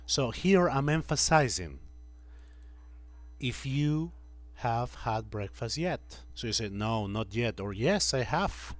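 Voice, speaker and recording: Male English teacher, lively up-and-down intonation, unhurried classroom delivery. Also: medium pitch. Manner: slow, patient, repeats example sentences. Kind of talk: classroom grammar lesson. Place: classroom with students.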